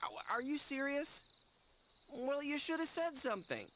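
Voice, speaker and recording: A man's voice: very high voice, sing-song, a little slow, a little hiss or hum, exaggerated voice. A man voicing a sarcastic, teasing teenage boy who cracks jokes, in video game dialogue. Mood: sheepish. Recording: game dialogue over loud music. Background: game music.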